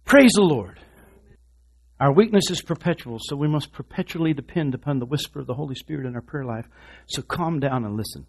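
A man preaching a sermon, talking straight to the congregation in an animated way, dropping to a hush and then rising loud, with quick asides to the crowd. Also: a little high, vocal fry. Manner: animated, swinging from hushed to loud.

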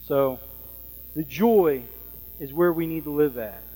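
Chatty preacher in an echoing hall. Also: male voice, on the high side, slow, dark tone. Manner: conversational, frequent fillers and "Amen?" checks. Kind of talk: sermon.

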